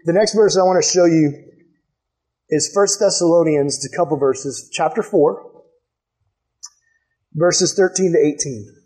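High-voiced, animated male pastor. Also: measured pace, long pauses. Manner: animated storytelling, acts out quotes in a higher voice. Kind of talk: sermon with personal story.

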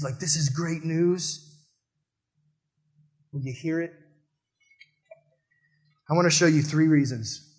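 A man preaching a sermon in a conversational, emphatic way, speaking straight to his listeners. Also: fairly high pitch.

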